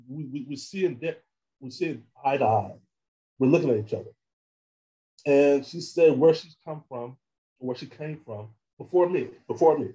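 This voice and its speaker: Guy telling his own story, stops and repeats himself a lot, low mellow tone, kinda dull lo-fi sound. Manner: halting, repeats words while searching for them. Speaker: guest recounting experiences. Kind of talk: candid personal account in a discussion.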